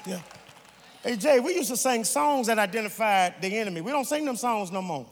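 A man preaching a sermon as guest preacher in a large church, his rhythmic delivery swelling into shouted, sung cadences. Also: sits high, expressive, brisk, some chatter behind. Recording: echoey hall, faint room ambience.

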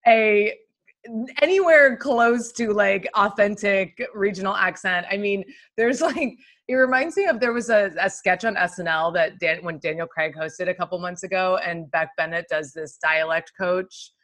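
Film podcast co-host: bright, sharp-toned woman, giggly and blunt. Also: medium pitch, normal speed. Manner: animated, giggly, blunt jokes. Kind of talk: casual film chat.

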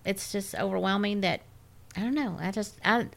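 A woman's voice: mid-range voice, moderate pace, gravelly. A woman with a scratchy voice, co-hosting a podcast in casual, rambling chat. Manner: rambling, self-interrupting. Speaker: podcast co-host.

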